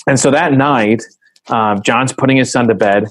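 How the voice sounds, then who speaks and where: A man's voice: mid-range voice, normal speed, a little hiss or hum, low-quality recording. A man speaking as a podcast guest in a casual interview conversation, earnest and reflective as he tells a story.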